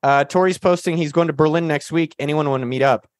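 Answering listener questions on his podcast, a fast-talking man with a voice on the high side keeps things casual and hyped, joking, bantering and using plenty of slang. The audio is studio quality with no room sound.

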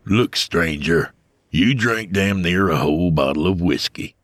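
A man's voice: sits low, measured pace, fairly bright tone, no echo, studio quality. A man voicing a stern, scoffing old-west saloon bartender.

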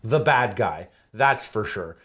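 A man hosting a casual podcast chat who reads game quotes aloud with quick impressions and laughs often. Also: lowish voice, expressive, fairly bright tone. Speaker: podcast host.

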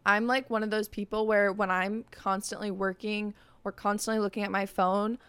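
A woman's voice: medium pitch, flat delivery, normal speed, a bit bright, clean tone, no room sound. A young woman hosting a solo podcast, talking in an upbeat, chatty way and saying "like" constantly. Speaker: podcast host. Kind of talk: casual solo podcast chat.

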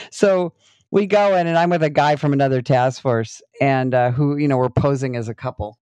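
A middle-aged woman, a police sergeant telling stories as an interview guest, animated and full of fillers. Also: extremely low pitch, normal speed, no room sound. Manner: animated storyteller, many fillers, acts out quotes. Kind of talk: casual storytelling interview.

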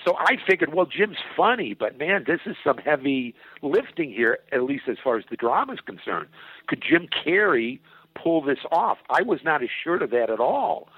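An older man tells a long showbiz story down a tinny phone line, his voice husky and dry. He swears freely and acts out other people's lines, his pitch swinging widely as he goes. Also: very animated, normal speed, dry recording. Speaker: comedy writer and producer, guest. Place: at home. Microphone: telephone.

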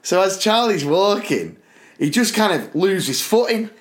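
A British man co-hosting a casual podcast, a teacher telling school stories with animated delivery and acted-out voices. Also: high-pitched, unhurried. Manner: animated storytelling, acts out voices. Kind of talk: casual chat.

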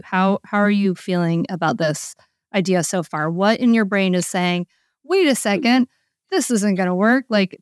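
A woman's voice: on the low side, darkish tone, smooth, no echo, clean studio sound. A woman working as a parenting coach, explaining earnestly and often checking in with "right?". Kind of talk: coaching conversation.

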